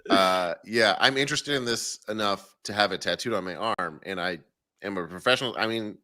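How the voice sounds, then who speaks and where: A man from the Boston area co-hosting a soccer podcast, with a dry, wry humor and halting restarts. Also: fairly low pitch, pushed and bright. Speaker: podcast co-host. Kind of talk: casual postgame chat.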